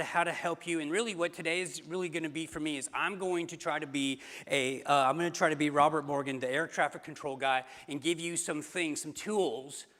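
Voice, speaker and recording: Man, pastor, conversational sermon, bright forceful tone, long church reverb. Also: on the high side. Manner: conversational, storytelling with fillers and restarts. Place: church sanctuary.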